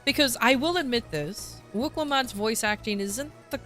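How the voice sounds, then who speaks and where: A woman's voice: fairly high pitch, moderate pace, fairly bright tone, soft background music. A woman streamer in a casual livestream chat, ranting bluntly with swearing and frequent restarts.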